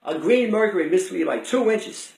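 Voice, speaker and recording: An older man telling a personal story out loud in a rambling, conversational way with many restarts. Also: sits high, animated, moderate pace, creaky. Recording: roomy echo.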